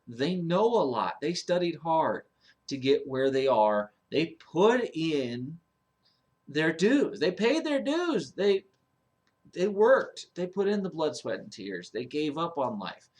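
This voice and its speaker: A man's voice: fairly high pitch, big pitch swings, takes it slowly. A man giving a casual ranting monologue as a vlogger. He talks bluntly, swears, and rambles with fillers and restarts.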